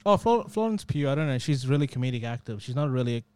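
Fast-talking man in casual film chat. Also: medium pitch, sing-song, warm tone, clean tone, no echo. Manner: rapid, loose, full of fillers like "like". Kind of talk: casual chat about films and comedy.

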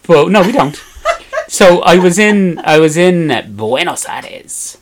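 An Irish man co-hosting a podcast, telling self-deprecating stories with frequent laughs and halting restarts. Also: high-pitched, background noise. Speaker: podcast co-host. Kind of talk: casual storytelling chat.

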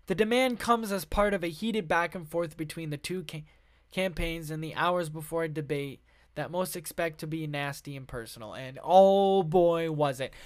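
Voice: mid-range voice, moderate pace, a bit bright, no room sound. Casual podcast host reading headlines, lots of uhs and restarts, swears freely, dry close sound. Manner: rambling, with many fillers, restarts and frank swearing; offhand asides between read passages. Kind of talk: casual commentary while reading news articles aloud.

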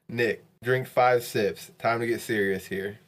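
A man's voice: mid-range voice, fairly even intonation, slow, background noise. A man co-hosting a casual podcast drinking game, laughing and swearing as he gets drunk. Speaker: podcast co-host.

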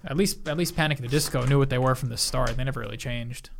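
A woman's voice: extremely low pitch, quick pace, a little hiss or hum. A woman co-hosting a casual chat show, wry and quizzical, fond of puns.

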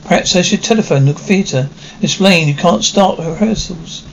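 A gentle loyal servant. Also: male voice, sits high, moderate pace, gravelly, highs cut off. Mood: soothing, deferential. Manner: polite, soothing, deferential. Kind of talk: 1950s television drama. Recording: faint hiss of an old TV soundtrack.

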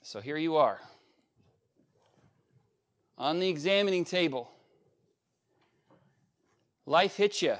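A middle-aged man preaching with earnest conviction, his voice sitting a little high for a man. He moves between raised, emphatic passages and quiet, conversational asides. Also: animated, slow pace, long pauses. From United States. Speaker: pastor. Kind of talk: sermon.

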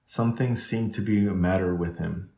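A man reading a classic children's novel aloud in measured, even storytelling. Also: sits low, creaky. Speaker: audiobook reader. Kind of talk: scripted narration. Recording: roomy echo.

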